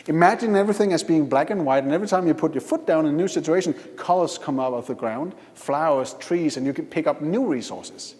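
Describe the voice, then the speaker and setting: A man leading a live hypnosis demonstration at a conference, giving slow, coaxing instructions with repeated lists. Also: a little high, darkish tone. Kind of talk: guiding a live hypnosis demo. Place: conference hall. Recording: reverberant conference hall.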